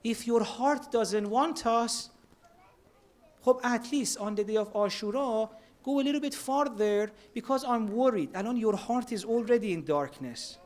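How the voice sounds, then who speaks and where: A man's voice: very high-pitched, moderate pace, a little mellow. Earnest man preaching. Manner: earnest, mixes Persian words into English. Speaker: speaker at a religious centre. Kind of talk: sermon.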